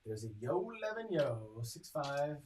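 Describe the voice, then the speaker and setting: Guy streaming craps, calling rolls and doing the math out loud, noisy background with clicks. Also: on the high side, big pitch swings, measured pace. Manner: chatty, reads dice rolls and tallies bets aloud; talks to chat viewers directly. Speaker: craps strategy host. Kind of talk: casual live-stream commentary.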